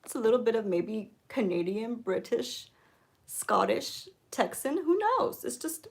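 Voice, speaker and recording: A woman giving a mock makeup tutorial, coaxing viewers with deadpan ironic influencer patter and frequent "okay?"s. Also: a little high, unhurried, gravelly. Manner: coaxing, keeps repeating "okay?". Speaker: beauty vlogger.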